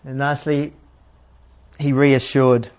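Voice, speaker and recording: A man preaching a sermon in a plain, unhurried teaching manner, asking his listeners questions. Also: mid-range voice, level tone, a little mellow. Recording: slightly dull, lo-fi sound.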